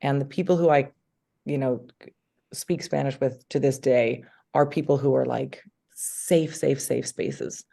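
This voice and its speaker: Female actress guest, mellow gravelly tone, enthusiastic and rambling chat. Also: extremely low pitch, unhurried. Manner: enthusiastic, chatty, many filler words. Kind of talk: casual interview chat.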